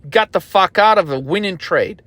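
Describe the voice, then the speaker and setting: Bright-voiced man ranting profanely. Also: high voice, expressive, moderate pace, no echo. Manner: aggressive, profane, lecturing. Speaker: trading coach. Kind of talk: profane motivational rant.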